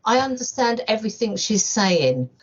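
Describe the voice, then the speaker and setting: A woman's voice: fairly high pitch, sing-song, moderate pace, breathy edge. A woman hosting a podcast, asking questions in a curious, conversational way. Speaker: podcast host. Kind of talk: podcast interview. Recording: dull lo-fi sound.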